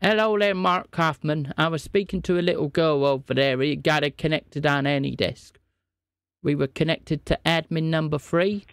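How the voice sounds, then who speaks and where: A man's voice: fairly high pitch, steady tone, moderate pace, smooth, dry recording, studio quality. A man live-streaming a scambaiting call, teasing and playing mock-innocent. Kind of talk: live scam-call banter.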